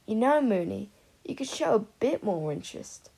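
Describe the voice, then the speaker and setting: A woman's voice: fairly high pitch, moderate pace, vocal fry, slightly rough, exaggerated voice. Woman reading as an eager scheming schoolboy. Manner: excited, insistent.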